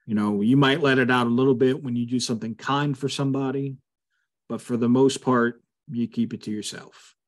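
A man's voice: mid-range voice, fairly even intonation, fairly quick. Man leading a casual Bible study. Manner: conversational, frequent fillers, emphatic asides. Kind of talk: casual teaching over a video call. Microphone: video call.

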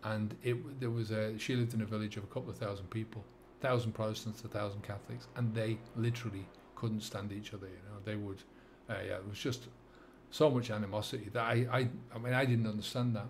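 A middle-aged man with a Dublin accent speaks in a slightly low voice as a sobriety coach. He talks earnestly and reflectively, often pausing on fillers and restarting his sentences. A faint hum of ambient noise sits under his voice. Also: fairly even intonation. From England and Ireland. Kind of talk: reflective monologue to camera.

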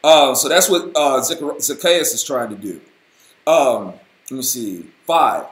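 A man hosting a casual Bible study, talking in an animated, folksy, slangy way. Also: mid-range voice, unhurried, roomy sound. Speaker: host, Bible teacher.

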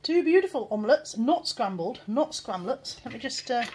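A woman's voice: a little high, animated, normal speed, a little mellow, slight background noise. A British woman chatting frankly to her phone camera at home as a vlogger, self-deprecating and casual. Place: at home, kitchen and bedroom.

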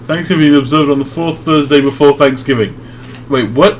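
A man's voice: on the high side, fairly quick, slight background noise. A young man hosting a casual session, reading absurd script narration dryly and laughing often. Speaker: host.

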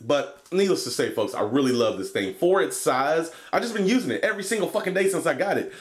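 A man's voice: fairly high pitch, lively intonation, fast. Rambling, profane guy reviewing gear. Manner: rambling, profane, laid-back. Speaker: vape product reviewer. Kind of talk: casual product review vlog.

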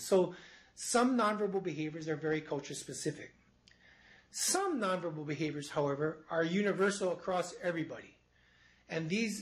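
Man, lecturer, higher-pitched voice, explanatory, restarts phrases, live studio audience. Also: low-quality recording. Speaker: psychology professor. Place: university studio before an audience.

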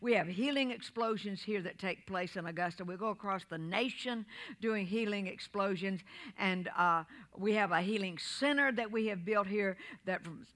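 Middle-aged woman pastor, bright and forceful, sermon with shouted peaks and call-and-response. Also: medium pitch, normal speed. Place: church sanctuary.

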